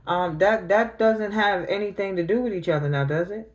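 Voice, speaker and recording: A woman's voice: fairly low pitch, fairly quick, few pauses. Grieving, confrontational middle-aged woman. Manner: grieving, confrontational, addressing family directly. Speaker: tarot reader livestreaming. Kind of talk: emotional casual livestream talk.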